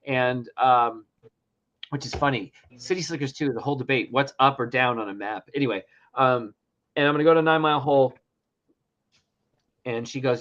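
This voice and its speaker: A man's voice: medium pitch, a little fast, bright, forceful tone. A middle-aged man hosting a casual talk show, telling a story animatedly, acting out dialogue and swearing often. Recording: dull lo-fi sound.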